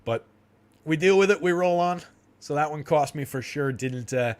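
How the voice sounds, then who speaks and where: Slightly high-voiced and clean in tone, the young man hosting this fantasy sports livestream talks at a moderate pace. He's from New Jersey and rambles in a relaxed, chatty way, with frequent laughs and fillers.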